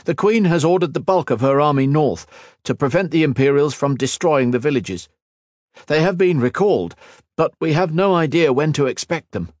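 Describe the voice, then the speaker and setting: A man's voice: on the high side, lively intonation, moderate pace, darkish tone, dry recording, clean studio sound, pitched above the performer's own voice, natural voice. A man voicing a nervous, deferential middle-aged captain who is more clerk than soldier. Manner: anxious, deferential.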